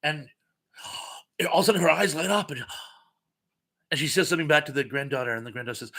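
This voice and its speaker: A man hosts a relaxed live-stream chat, quizzing viewers on trivia between lively stories. His voice is bright and forceful, and he pokes fun at himself as he talks. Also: fairly high pitch, brisk, long pauses. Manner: animated, chatty storyteller with self-mocking asides.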